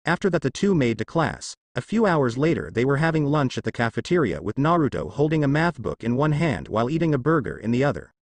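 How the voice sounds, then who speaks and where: A man narrates a fan fiction story in a casual, lightly wry manner. His pitch sits in a middle range but moves a lot. The sound is close and dry. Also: animated, fast, hardly any pauses, no echo.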